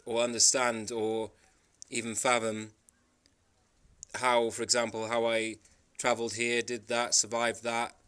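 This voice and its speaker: A man's voice: mid-range voice, completely flat delivery, a little slow, a bit bright, clear, resonant tone. A man from the Isle of Man telling travel stories in a rambling, emphatic monologue. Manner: rambling, emphatic storytelling with frequent restarts. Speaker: travel vlogger. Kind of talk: casual monologue.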